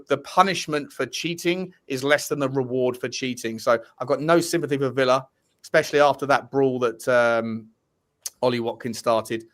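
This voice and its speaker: A man hosting a casual fan podcast, cheerfully reading out and thanking super chat donors. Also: medium pitch. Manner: upbeat, shouting out donors, chatty with restarts. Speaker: host reading super chats.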